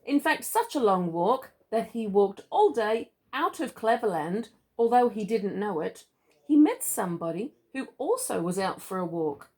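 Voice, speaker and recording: A woman's voice: medium pitch, a little mellow, slightly rough. A woman reading a children's storybook aloud to a child, playful and chatty with asides. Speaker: parent or relative reading to a child.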